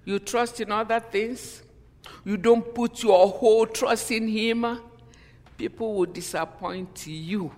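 A woman's voice: on the high side, steady tone, slow, darkish tone, long reverb tail, slight background noise. A woman preaching a sermon and telling a personal story with strong feeling, often repeating "you know" and breaking off to start her sentences again. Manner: emotional, repeats "you know", stops and restarts lines.

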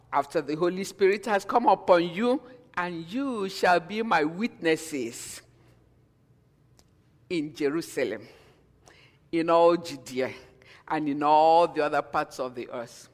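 A man preaching a sermon as pastor, storytelling that swings between hushed and emphatic. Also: a little high, expressive, unhurried, pauses often. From Nigeria. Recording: long hall reverb.

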